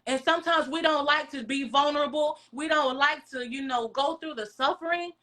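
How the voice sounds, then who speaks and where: High bright-voiced woman giving testimony. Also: moderate pace. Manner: earnest testimonial, calls listeners "baby". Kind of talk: faith testimony in conversation.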